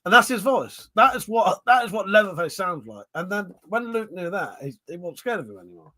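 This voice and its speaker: A man's voice: sits high, lively intonation, brisk, sharp tone. A man hosting a casual livestream, chatting loosely and reading viewers' comments aloud, rambling and swearing freely with many fillers and restarts. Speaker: livestream host.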